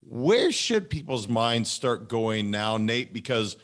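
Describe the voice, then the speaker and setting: A man's voice: medium pitch, sing-song, takes it slowly. A man hosting an interview podcast, asking long questions with enthusiasm. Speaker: podcast host.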